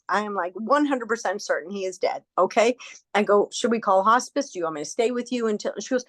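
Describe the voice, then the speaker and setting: A woman's voice: mid-range voice, quick pace, dry recording. A woman in casual spiritual conversation, telling a story animatedly, acting out quoted voices and swearing freely.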